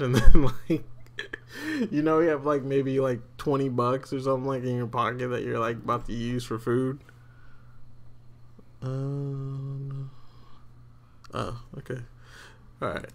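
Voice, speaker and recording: A man's voice: mid-range voice, moderate pace, long pauses, fairly bright tone. Rambling male reaction video host. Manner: rambling, lots of "like" fillers. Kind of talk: casual reaction commentary.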